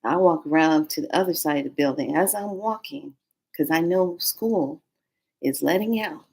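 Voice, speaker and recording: A woman vlogger telling a story in a casual, animated, slangy way, acting out every quote. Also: low-pitched, normal speed, gravelly, husky.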